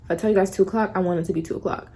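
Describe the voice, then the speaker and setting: A young woman talks straight to her phone camera in a loose, rambling vlog. Her voice sits at a middle pitch, and she tells stories in a chatty, animated way. A faint hum of noise runs under the recording. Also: racing. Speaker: vlogger. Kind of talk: casual vlog chat.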